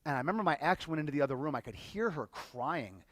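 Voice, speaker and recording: A man speaking to a live audience as a workshop speaker, telling a personal story in an emotional, halting way and often repeating words. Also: a little high, sing-song, dry recording.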